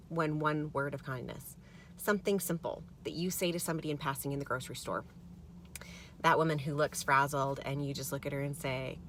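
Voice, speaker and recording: A middle-aged woman vlogging, telling a story in a gravelly, tired voice and mimicking the people she quotes. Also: sits low, slight background noise. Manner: animated, mimics others in quotes. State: gravelly from little sleep. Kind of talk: casual storytelling to camera.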